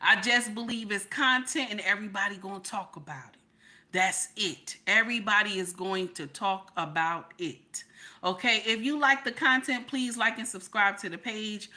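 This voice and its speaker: A middle-aged woman hosts a casual livestream, loud and playful as she reads and answers her chat. Her voice is bright and forceful, sitting at an ordinary pitch for a woman. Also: moderate pace. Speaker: livestream commentary host.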